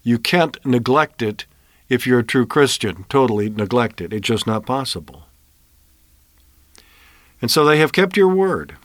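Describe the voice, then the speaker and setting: A man's voice: mid-range voice, expressive, unhurried, pauses often, fairly bright tone, no echo. A man giving an earnest, emphatic Bible sermon on the radio, often asking rhetorical questions. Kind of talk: broadcast sermon.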